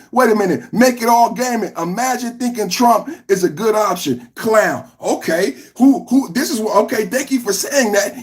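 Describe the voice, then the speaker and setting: Guy hosting a live podcast, ranting and firing off questions at chat, pretty high voice for a dude. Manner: combative, ranting, rhetorical questions. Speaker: podcast host. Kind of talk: live political reaction, reading chat comments.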